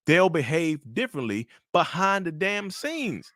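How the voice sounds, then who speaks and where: A man giving blunt, animated commentary to camera about relationships. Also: mid-range voice, fairly quick, no room sound, studio quality.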